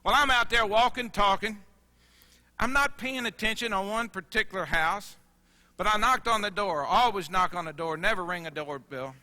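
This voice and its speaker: A man leads a sales presentation through stories. His voice is bright and forceful and sits slightly high for a man. He acts out the dialogue and drops soft and quiet when the story turns emotional. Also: moderate pace, long reverb tail. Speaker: sales trainer.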